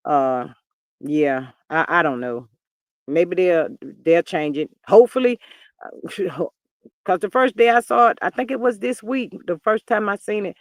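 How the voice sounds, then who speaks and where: A man in his fifties hosting a livestream, chatting in an expressive way, reading viewer comments and often calling listeners "child". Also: a little high, dry recording, clean studio sound. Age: 50s. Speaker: livestream host.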